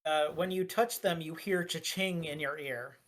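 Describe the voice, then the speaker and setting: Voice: medium pitch, moderate pace. Rambling game master narrating. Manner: rambling, many fillers and restarts.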